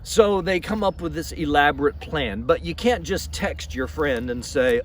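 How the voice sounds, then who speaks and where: A pastor tells a Bible story outdoors, lively and given to quick restarts. His voice sits a bit high. The mic is some way off, and faint traffic hums behind him. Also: recorded from a distance. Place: outdoors in a flower field.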